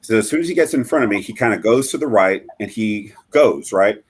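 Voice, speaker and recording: A middle-aged man with a low, deep voice tells his own story as a guest on a live interview. His tone is husky and a little rough. He speaks earnestly but haltingly, stopping and restarting often, with plenty of ums. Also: lively intonation. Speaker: guest, bereaved father.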